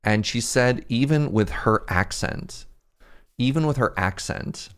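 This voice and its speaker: A man's voice: medium pitch, animated, a little slow, clean tone. A young man streaming a game, chatting casually and rambling, laughing at himself often. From Canada. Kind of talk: casual livestream chat while gaming.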